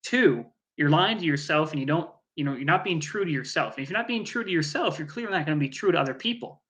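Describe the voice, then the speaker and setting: Co-host type: man with a slightly high voice, blunt, jokey, casual podcast banter. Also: animated, quick pace, a bit bright. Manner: joking, blunt, swears freely. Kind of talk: casual chat.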